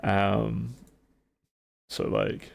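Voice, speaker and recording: A man's voice: lowish voice, very animated, very slow, vocal fry. A young man with a New Zealand accent, streaming and chatting casually with rambling, filler-heavy, laid-back talk.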